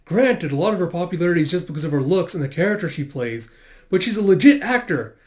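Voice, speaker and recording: A man voicing an excited young woman who gushes about a rival actress in a high, breathless rush. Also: fast.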